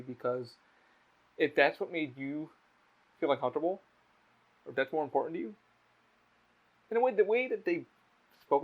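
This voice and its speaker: A man hosting a casual podcast, telling stories in a blunt, animated way with a lot of swearing. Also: medium pitch. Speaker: podcast host. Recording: slightly dull lo-fi audio.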